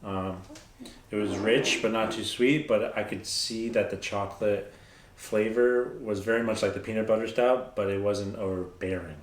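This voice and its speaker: A man hosting a casual beer tasting chat, relaxed and self-mocking. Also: on the low side, normal speed, reverberant. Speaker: host.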